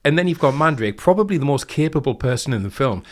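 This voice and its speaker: A man co-hosting a casual film talk, making his points thoughtfully and step by step. His voice is a plain middle pitch. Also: expressive, quick pace. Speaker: podcast co-host.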